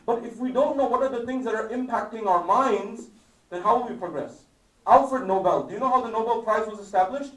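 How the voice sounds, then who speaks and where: A man with a high voice preaches to a congregation and keeps asking them rhetorical questions. His voice carries through a large, echoing hall. He sounds some distance from the microphone. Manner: emphatic, rhetorical questions to the audience. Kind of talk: sermon. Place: mosque hall. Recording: echoey hall, mic at a distance.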